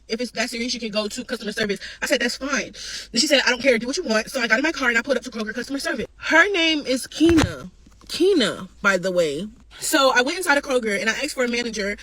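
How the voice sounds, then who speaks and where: A woman's voice: sits high, fairly bright tone, rough recording. A woman, telling a storytime vlog in a run of emotional, profane venting.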